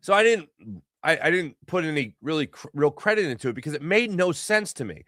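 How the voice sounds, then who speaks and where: A man hosting a sports show, arguing his point in a fast, animated monologue full of rhetorical questions. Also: a little high, dry recording, studio quality. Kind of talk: casual sports commentary monologue.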